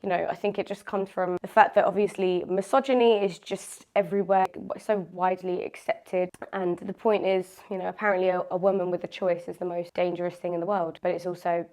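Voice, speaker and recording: A woman's voice: lowish voice, level tone, fairly quick, few pauses, a little mellow. A young woman vlogging casually, switching between earnest talk and silly jokes. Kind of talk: casual vlog chat.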